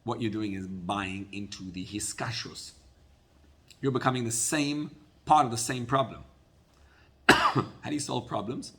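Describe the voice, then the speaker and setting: A man teaching a Torah class as a rabbi, telling a story in an animated way and often repeating words. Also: medium pitch, measured pace, pauses often.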